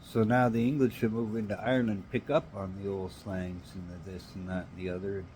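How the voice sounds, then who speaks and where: A man's voice: fairly low pitch, flat delivery, brisk, darkish tone, a little hiss or hum. A Canadian man ranting in an angry, emphatic monologue, swearing now and then.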